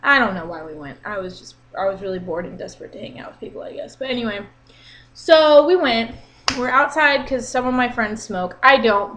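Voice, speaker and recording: A woman in her twenties telling an exasperated story in a casual vlog rant, animated and talking with her hands. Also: fairly high pitch, slight background noise. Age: 20s. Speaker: vlogger.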